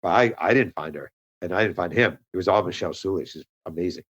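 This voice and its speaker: A man with a somewhat low voice tells a story as a podcast guest. He moves quickly through the events and slips into the voices of the people he quotes, lifting his tone for their lines. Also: husky, lo-fi sound. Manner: animated storyteller, acts out quoted dialogue. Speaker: author and guest. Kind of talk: conversational storytelling interview.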